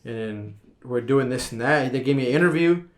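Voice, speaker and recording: A young man in his twenties telling a personal story in a casual podcast chat, relaxed and full of slang and fillers. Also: mid-range voice, fairly quick. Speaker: podcast guest.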